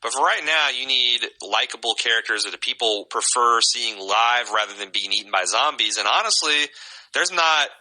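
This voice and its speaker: A man's voice: mid-range voice, lively intonation, moderate pace, sharp tone, rough recording. A man co-hosting a podcast in casual chat, giving strong opinions and reading out listener comments. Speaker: podcast co-host.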